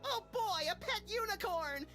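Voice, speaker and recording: A performer voicing a high, manic animal sidekick. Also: expressive, measured pace, sharp tone, soft background music, exaggerated voice. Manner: hyper, wisecracking. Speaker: game character.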